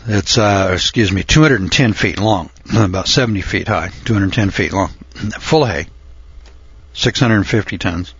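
A man's voice: fairly low pitch, moderate pace, a bit bright, dry recording, highs cut off. Older man telling a rambling folksy story. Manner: rambling, with frequent uh and throat clearing. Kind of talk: folksy spoken reminiscence.

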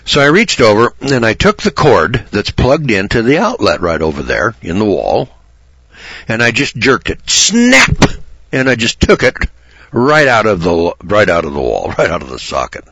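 A man telling a story in a sermon, folksy and stammering, restarting phrases and often clearing his throat. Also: fairly low pitch, sing-song, normal speed, fairly bright tone, no echo.

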